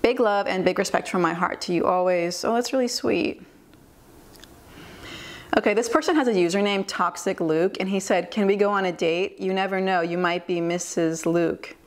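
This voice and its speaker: A woman's voice: medium pitch, normal speed. A young American woman vlogging casually, reading odd messages aloud with wry amusement and chatty fillers. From United States. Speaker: YouTuber and English teacher.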